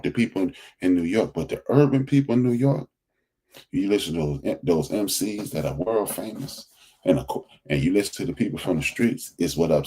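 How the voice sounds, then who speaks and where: A man's voice: low-pitched, dark tone, slightly rough. A man hosting a podcast, talking in an emphatic, preachy way and repeating phrases for stress. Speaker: podcast host. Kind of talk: casual commentary monologue.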